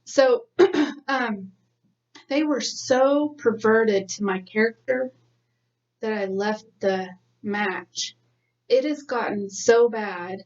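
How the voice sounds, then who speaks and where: A woman's voice: a little high, slow pace. A woman co-hosting a podcast in a rambling casual chat, laughing often. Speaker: podcast co-host. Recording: dull lo-fi sound from a distance.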